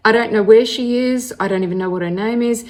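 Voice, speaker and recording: An Australian woman in her forties telling her own story in an animated, chatty way, with many fillers and restarts. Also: fairly high pitch, quick pace. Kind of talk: personal storytelling monologue.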